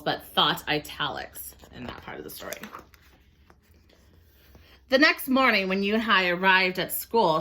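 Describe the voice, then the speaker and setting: A woman teacher reading a picture book aloud to children, expressive and pausing to ask questions. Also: fairly low pitch. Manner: expressive, explains and asks questions.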